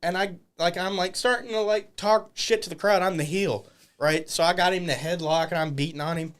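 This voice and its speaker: A man's voice: high voice, fairly even intonation, brisk, fairly bright tone. A man guest on a podcast, telling wrestling stories with lots of profanity. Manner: profane, acts out quoted voices. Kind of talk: animated storytelling. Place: podcast studio.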